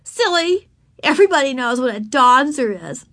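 Fiery kindergarten girl, high and swooping, read by a woman. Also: very animated, fairly quick, exaggerated voice. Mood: proud. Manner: shrill, shouting, tearful yells. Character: fiery little girl, kindergartner, stubborn and loud.

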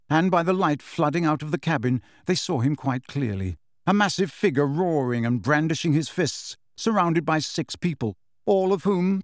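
Measured and expressive, this male audiobook narrator reads his script in a medium-pitched voice. The recording is dry and studio-clean.

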